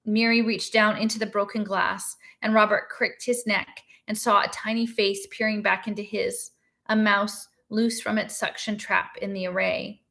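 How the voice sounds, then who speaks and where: A woman reading a novel aloud in a steady, measured narration. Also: mid-range voice. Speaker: reader.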